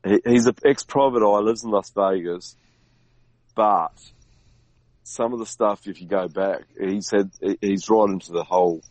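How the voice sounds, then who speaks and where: Male guest, very low pitch, rambling and halting, dry close mic. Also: a little mellow, dry recording, poor audio. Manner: rambling, halting, many restarts and fillers. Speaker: podcast guest. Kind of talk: casual conversation.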